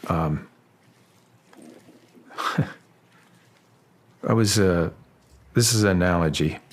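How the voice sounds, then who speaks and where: A middle-aged man, an actor guest in a casual interview, speaking with a husky voice, often restarting his sentences and growing lively as he tells a story. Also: low-pitched. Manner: halting, restarts often, grows animated while telling a story.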